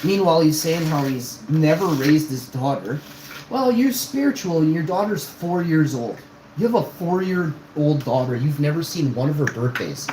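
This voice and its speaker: A man in his forties delivers an exasperated, scornful rant straight to his viewers, his voice sitting a little high. The room rings with a noticeable echo. A faint hum runs underneath. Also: animated, moderate pace. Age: 40s. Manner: exasperated, scornful, calling someone out. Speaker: streamer. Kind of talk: ranting monologue to viewers.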